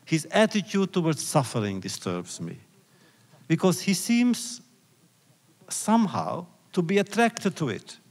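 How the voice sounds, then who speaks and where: A man giving a public lecture, retelling old rabbinic stories in a slow, deliberate, reflective way. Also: fairly high pitch, big pitch swings, a little mellow. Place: lecture hall. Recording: long hall reverb.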